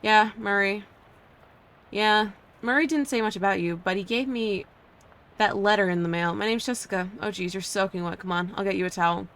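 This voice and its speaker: A woman reading out a friendly young antique shop clerk, chatty and slangy, easygoing everyday voice, mid pitch, game dialogue read aloud on a stream. Casual and warm-hearted in the way she explains things. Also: normal speed, lightly acted.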